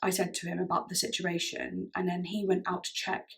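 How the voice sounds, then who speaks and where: A woman's voice: lowish voice, monotone, brisk, gravelly. A woman vlogger telling a personal story to camera in a chatty way, with many "like"s and frequent laughs. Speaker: music vlogger.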